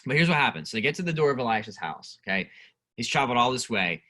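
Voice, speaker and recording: A man's voice: medium pitch, big pitch swings, fast talker, pushed and bright. A male youth pastor teaching a casual Bible study, reading scripture aloud and asking the group questions.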